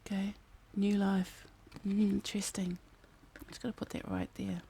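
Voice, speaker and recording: A woman's voice: medium pitch, very animated, moderate pace, warm tone, slight background noise. A woman, giving a casual tarot reading and chatting as she muses aloud over the cards. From New Zealand. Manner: chatty, musing aloud, breaks into snatches of song. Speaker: tarot card reader. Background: fan humming in the background.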